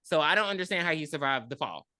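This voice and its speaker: Animated woman recapping a movie. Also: sits low, fast, crowd noise. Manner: animated, profane storytelling. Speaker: podcast co-host.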